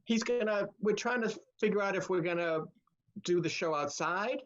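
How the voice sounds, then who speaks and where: Man, comedy writer, halting speech, muffled lo-fi call audio. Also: sits high. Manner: halting, restarts, laughs easily. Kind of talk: casual comedy roundtable chat. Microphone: video call. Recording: dull lo-fi video call audio.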